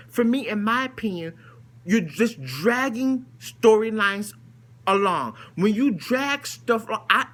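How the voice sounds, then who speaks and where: Bright-voiced woman ranting to camera. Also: fairly high pitch. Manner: exasperated, fires off rhetorical questions; blunt, dismissive asides. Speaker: vlogger reviewing a TV episode. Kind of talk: casual to-camera rant.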